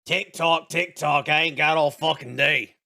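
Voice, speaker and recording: A cursing, short-tempered paladin teacher barks at his class in a raised, louder voice pitched above his everyday talk, as a man puts him on. He sounds surly and impatient, ready to be done with the day in a tabletop role-play. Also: fairly even intonation, a little slow, gravelly, heavily acted. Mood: gruff impatient. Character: foul-mouthed, impatient male paladin teacher. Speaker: game master.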